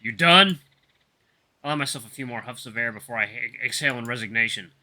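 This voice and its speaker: A man reading a story game aloud in expressive first-person narration. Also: medium pitch, rapid-fire.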